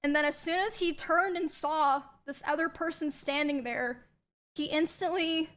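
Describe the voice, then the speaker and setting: A young woman streamer quietly recounting a personal story, hesitant with many pauses. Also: high voice. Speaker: streamer telling her story. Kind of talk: personal confessional narration.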